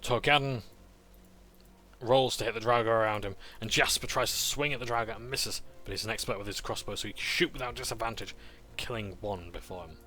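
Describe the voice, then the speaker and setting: Game master recap narrator, bright lower voice, faint hiss behind. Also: male voice, a little fast. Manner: storytelling narration with game rolls.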